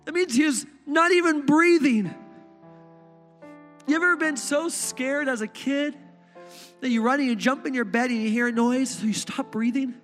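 A pastor with a strikingly high voice delivers an impassioned sermon, dropping to near hushes and rising to shouts. His voice rings through a large reverberant hall over faint background music. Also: normal speed. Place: church stage.

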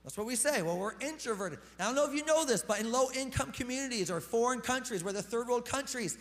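A man preaching a sermon in a relaxed, conversational way, with slang and joking asides. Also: very high voice, quick pace, big-room sound. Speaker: pastor.

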